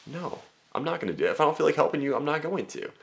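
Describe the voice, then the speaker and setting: A young man talking casually as a dating coach, brash and full of swearing, often slipping into high mocking voices. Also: very animated, rapid-fire, creaky. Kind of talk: casual talking-head monologue.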